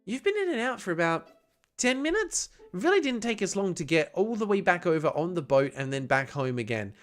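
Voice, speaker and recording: A woman voicing a kindly young woman babysitter in a game, gentle and soothing. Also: on the low side, very animated, fairly quick, soft background music. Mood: caring.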